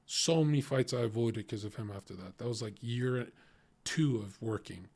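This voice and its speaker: A man talks casually to his stream, retelling a run-in with blunt, profane language. His voice sits in an ordinary middle pitch. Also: normal speed, a little mellow.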